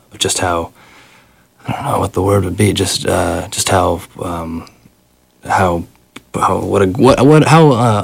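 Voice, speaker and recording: Gravelly low-voiced male radio host. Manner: hesitant, halting with many fillers. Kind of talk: casual radio presenting.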